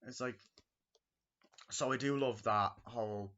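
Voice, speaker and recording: A man talks through a favourite film in a loose, rambling way, leaning on "um" and "like" as he goes. His voice sits in a middle pitch. The recording sounds dull and lo-fi. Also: measured pace, fairly bright tone. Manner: rambling, full of fillers and "like". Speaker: movie reviewer. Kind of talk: casual film review.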